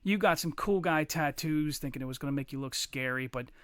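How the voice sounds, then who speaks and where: On a podcast, a male co-host casually spins a long, profane story, mimicking the people in it as he goes, animated throughout. His voice is fairly high and brisk with a smooth quality, captured in a dry, clean studio recording.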